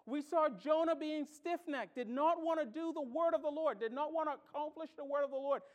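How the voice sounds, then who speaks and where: A pastor preaching a sermon, animated and storytelling, swinging between loud exclamations and hushed asides. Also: male voice, extremely high pitch, fairly quick, lo-fi sound. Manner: tells stories and acts out reactions.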